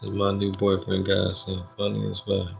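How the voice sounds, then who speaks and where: A relaxed man, hosting a livestream and chatting with viewers. His voice sits a little low, and soft music plays faintly behind him. He talks in a loose, joking, slangy way. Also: normal speed, gravelly. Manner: laid-back, joking, slangy, reads chat aloud. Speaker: livestream host doing personal readings. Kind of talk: casual livestream chat reading comments.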